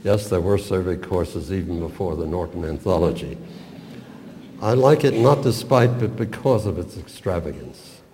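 An older man giving a measured, professorial talk on a poem, with small stumbles now and then. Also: deep voice, animated, mellow, a little hiss or hum. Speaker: literature lecturer. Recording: long reverb, roomy hall.

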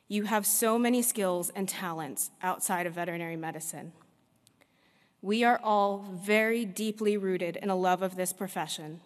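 A veterinarian giving a prepared commencement address, speaking in a measured, earnest way with deliberate pauses. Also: female voice, mid-range voice. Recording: long reverb of a large hall.

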